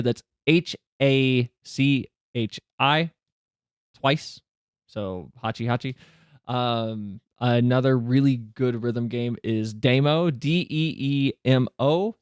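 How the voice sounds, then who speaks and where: A man streaming live, chatting casually and answering questions from his chat, with quick asides that climb higher when he gets flustered. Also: no room sound, studio quality.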